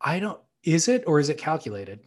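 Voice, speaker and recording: A man co-hosting a casual surf podcast, relaxed and teasing, and keen when he praises a surfer. His voice sits slightly high. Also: brisk, slightly rough. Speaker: podcast co-host. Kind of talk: casual surf talk chat.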